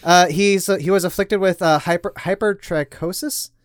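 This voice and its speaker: A man's voice: high-pitched, steady tone, moderate pace, no echo. Male podcast co-host, loose rambling delivery full of fillers, very dry recording. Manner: rambling, lots of fillers and restarts. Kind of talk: casual chat.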